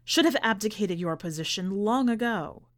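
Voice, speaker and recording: A woman's voice: mid-range voice, expressive, moderate pace, close to an everyday voice. A woman voicing a defiant, cutting young woman. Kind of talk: audiobook character voice.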